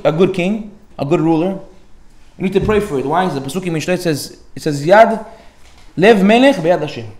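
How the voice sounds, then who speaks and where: High-voiced rabbi telling a story. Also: male voice, echoey room. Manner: storytelling with rhetorical questions and Hebrew phrases. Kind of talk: Torah class sermon.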